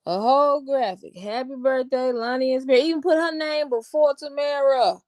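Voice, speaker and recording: A woman's voice: high voice, moderate pace, darkish tone, no echo. A woman giving casual reaction commentary in a sarcastic, mocking tone, talking back at what she watches. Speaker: online commentator.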